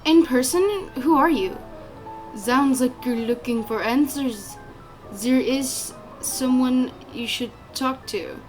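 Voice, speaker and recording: A woman reading out the lines of a mysterious female game character in a loose put-on accent, slow and deliberate. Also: fairly high pitch, steady tone, darkish tone, soft background music, poor audio. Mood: questioning.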